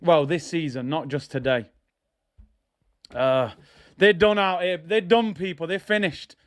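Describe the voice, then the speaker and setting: Male host, high clear voice, hyped live match commentary with taunts and shouts. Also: measured pace. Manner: excitable, shouts at big moments, taunts opponents. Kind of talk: live football watch-along commentary.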